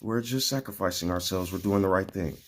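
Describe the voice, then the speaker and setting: A man's voice: low voice, a little fast, slight background noise, lightly acted. A man voicing earnest, self-sacrificing cartoon dinosaurs.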